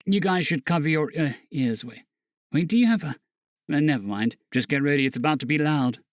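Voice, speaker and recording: A woman's voice: deep voice, lively intonation, a little fast, no echo, studio quality, pitched below the performer's own voice. A woman voicing a casual, curious young man who talks with easy fillers. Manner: easygoing, hesitant with fillers.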